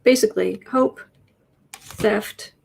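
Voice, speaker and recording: A woman hosting a casual astrology and tarot livestream. She rambles and thinks aloud with many restarts, and coos softly to her cat between points. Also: medium pitch, slow pace, vocal fry, husky.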